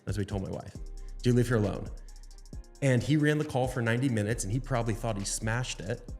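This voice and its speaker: A man's voice: mid-range voice, quick pace, darkish tone, faint music behind. A man hosting a podcast, explaining ideas in a coaching way. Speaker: podcast host. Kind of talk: casual podcast conversation.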